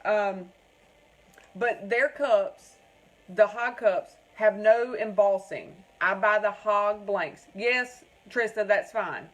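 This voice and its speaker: A woman's voice: mid-range voice, slow pace, poor audio. A woman from North Carolina with a Southern accent, rambling in a casual live stream from home and reading out viewers' comments. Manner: chatty, rambling, keeps calling viewers "y'all" and reading out their comments. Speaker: crafting livestream host.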